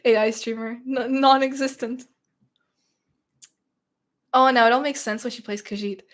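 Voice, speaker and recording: Playful young woman streamer, slightly high. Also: steady tone, normal speed. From Russia. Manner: playful, reads chat comments aloud and banters with a laugh. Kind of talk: casual livestream Q&A.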